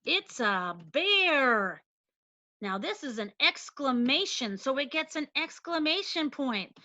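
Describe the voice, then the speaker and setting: A woman teacher explaining a lesson slowly and deliberately, stressing each point. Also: on the high side, pushed and bright, no echo, highs cut off. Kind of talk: recorded classroom lesson.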